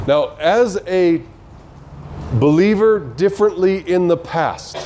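A man's voice: high voice, animated, slow pace, dark tone, slight background noise. A man teaching a Bible study, emphatic and full of rhetorical questions to his listeners.

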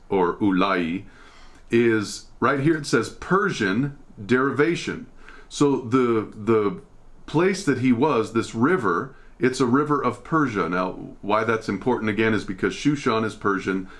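A man's voice: mid-range voice, fairly bright tone. A man from America teaching a casual Bible study, explaining verses and thinking aloud as he goes.

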